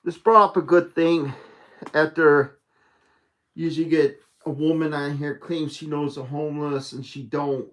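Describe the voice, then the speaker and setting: A man's voice: on the high side, fairly even intonation, a little slow, fairly bright tone. A man chatting casually on a live stream, rambling with lots of fillers and restarts, from his home arcade room. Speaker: vlogger.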